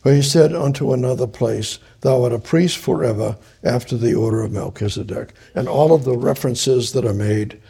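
Male preacher, Bible study teaching; gravelly, husky, halting delivery with frequent restarts. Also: medium pitch, dark tone. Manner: halting, repeats and restarts phrases.

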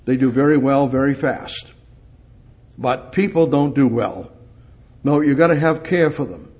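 Slow, emphatic male preacher. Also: mid-range voice. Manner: repetitive, speaks directly to God; emphatic, dramatic swings between loud and soft. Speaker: pastor. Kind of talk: sermon.

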